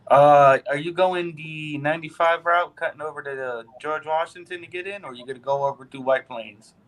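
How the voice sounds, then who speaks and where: A man's voice: a little high, steady tone, a little fast, low-quality recording. A man co-hosting a casual trucker chat, joking around and laughing often.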